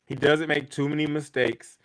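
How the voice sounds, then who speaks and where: A man's voice: a little high, level tone, normal speed, poor audio. A man co-hosting a sports podcast, arguing his point emphatically in a casual debate, repeating himself for effect and swearing freely. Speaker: podcast co-host.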